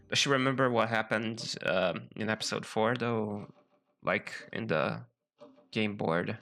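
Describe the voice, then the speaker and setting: A man casually commenting on a visual novel as he plays, with excited asides. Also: lowish voice, unhurried, vocal fry. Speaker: let's play streamer. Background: loud game music.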